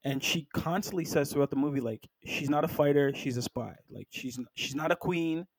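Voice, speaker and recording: Animated man discussing a film. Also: on the high side, brisk, no echo. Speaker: podcast co-host.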